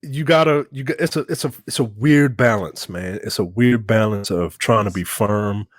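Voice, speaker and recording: A man in his thirties co-hosting a casual podcast chat, telling long animated stories with lots of restarts. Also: lowish voice, normal speed, dry recording, clean studio sound. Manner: rambling, animated storytelling with restarts. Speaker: podcast co-host.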